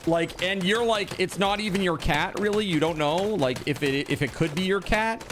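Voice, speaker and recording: A man's voice: sits high, moderate pace, noisy background. A man streaming from home, chatting casually and reacting to viewers with disbelief and the odd swear word. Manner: animated, incredulous, swears casually. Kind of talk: casual live-stream chat.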